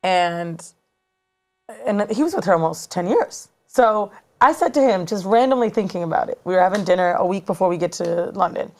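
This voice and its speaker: A woman in her thirties telling a story in casual chat as a podcast co-host, animated and slangy, recorded in a studio. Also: fairly low pitch, normal speed. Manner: animated, slangy, dramatic retelling.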